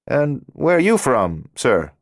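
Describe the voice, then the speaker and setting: Guy reading a chatty friendly beat cop, kinda playful, voice pushed up higher, slow and easy. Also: sing-song, dry recording, clean studio sound. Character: friendly, curious male patrol cop, middle-aged.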